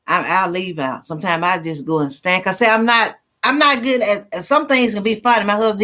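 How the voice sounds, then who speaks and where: A middle-aged woman with a drawl hosts a loose, chatty livestream in a mid-range, slightly bright voice. She laughs easily and reads her viewers' comments aloud during the casual live chat.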